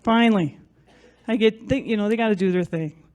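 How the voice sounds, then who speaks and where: A woman's voice: medium pitch, a little fast, a little mellow. A woman telling a personal story in front of an audience, chatty and self-mocking, acting out what other people said.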